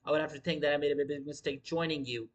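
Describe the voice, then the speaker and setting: Fast-talking, with a fairly high pitch and fairly even intonation, a man hosts casual commentary on a wrestling livestream. He's profane and emphatic, repeating himself as he hammers his points home.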